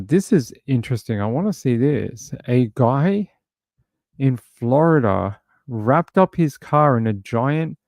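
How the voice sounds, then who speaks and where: Brief: male live stream host, conversational, reads chat, dry close mic, mid pitch. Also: a little mellow, no echo. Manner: chatty, reads viewer comments aloud.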